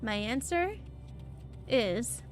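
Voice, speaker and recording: A woman's voice: a little high, expressive, very slow, soft background music. A woman streamer giving emotive, exclamatory let's play commentary that often stammers. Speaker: gaming streamer.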